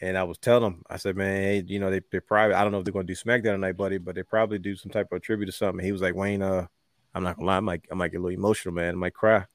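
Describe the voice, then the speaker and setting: A man hosting a casual podcast chat, heartfelt and unhurried, with many fillers and pauses. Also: deep voice, little pitch movement, no room sound, clean studio sound. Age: adult with a young son. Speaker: podcast host.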